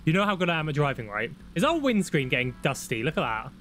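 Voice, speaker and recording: A young man giving excitable, laddish commentary on a road trip game with friends. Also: a little high, quick pace, faint music behind. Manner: excitable, shouts when startled, laddish banter. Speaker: gaming YouTuber. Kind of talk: casual gameplay commentary.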